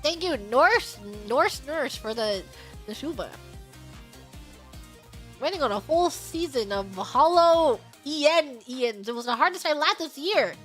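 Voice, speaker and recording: High, bright, animated woman streamer. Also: a little slow, soft background music. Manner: animated, exasperated storytelling with shouted outbursts. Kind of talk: casual stream chat, storytelling.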